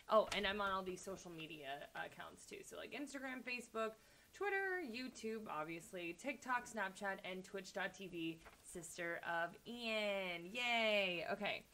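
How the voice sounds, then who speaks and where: A woman's voice: mid-range voice, bright, forceful tone, a little hiss or hum. A young woman hosting a casual trailer reaction video, chatty and gushing, with lots of ums and likes. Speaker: YouTube reaction host.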